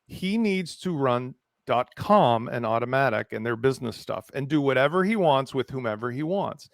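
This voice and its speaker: A man's voice: mid-range voice, lively intonation, moderate pace, gravelly, dry recording, clean studio sound. A man from Ukraine speaking as a round-table panelist, passionate and emphatic as he states his positions firmly. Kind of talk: heated round-table discussion.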